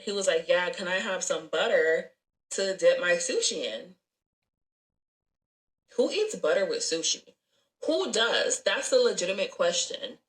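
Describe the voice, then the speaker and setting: Woman doing story time about a bad date, lower voice, swears a lot, does the voices. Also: poor audio. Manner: animated, swears, acts out both sides of the dialogue. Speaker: storyteller in a clip. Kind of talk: story time, casual telling.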